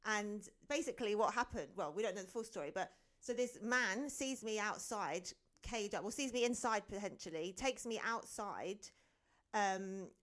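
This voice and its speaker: A woman co-hosting a podcast in casual chat, telling a story in a relaxed way and throwing in dry, teasing quips. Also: medium pitch. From England. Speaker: podcast co-host.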